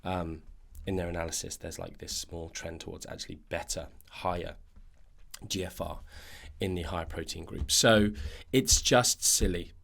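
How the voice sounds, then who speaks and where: Ranting man, lowish voice. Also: fairly even intonation, normal speed, vocal fry, a bit bright. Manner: ranting, dismissive, lots of fillers and restarts. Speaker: podcast host, nutritionist. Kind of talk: casual podcast monologue.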